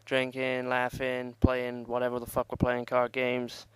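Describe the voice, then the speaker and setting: A man's voice: medium pitch, monotone, measured pace, a bit bright, smooth, no echo. Rambling, swearing young man. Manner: rambling, profane, laughs at himself. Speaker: vlogger. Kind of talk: casual storytelling.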